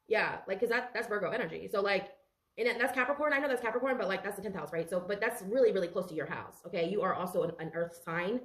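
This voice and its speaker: A woman's voice: medium pitch, fast, echoey room. A woman giving a casual tarot reading, chatty and emotional, talking straight to her viewers and swearing now and then. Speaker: tarot reader.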